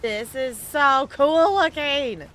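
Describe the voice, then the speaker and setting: A woman's voice: high voice, takes it slowly, a bit bright, faint music behind. A woman streaming a game, chatting bubbly and casually with her viewers as she plays. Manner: bubbly and chatty, talks to chat. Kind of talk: live gameplay commentary.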